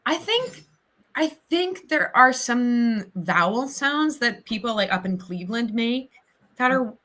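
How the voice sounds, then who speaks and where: A woman's voice: on the high side, sing-song, bright, forceful tone. A woman from southern Ohio, an actor, chatting as a guest on a livestream interview with lots of fillers. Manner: chatty, talks in quick bursts with many fillers.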